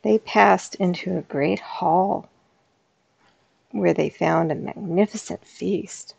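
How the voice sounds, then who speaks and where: Gravelly, soft-spoken woman reading a fairy tale. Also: on the low side, slow pace, dry recording. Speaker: storyteller. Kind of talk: storybook reading.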